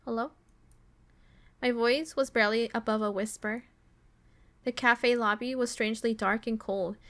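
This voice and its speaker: A woman streamer reading a visual novel's text aloud, slow and dramatic, breaking off to swear and react. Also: fairly high pitch.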